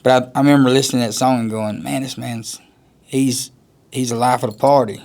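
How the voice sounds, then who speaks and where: A man's voice: medium pitch, fairly even intonation, a little fast, gravelly, a little mellow. A man, a country musician, talking casually in an interview, rambling and laughing often. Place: outdoors at a music festival.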